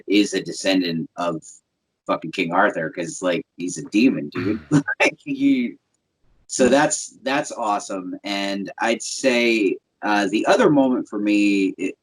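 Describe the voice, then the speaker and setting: A man's voice: lowish voice, slightly rough, low-quality recording. A man cohosting a podcast, rambling in casual chat and swearing casually.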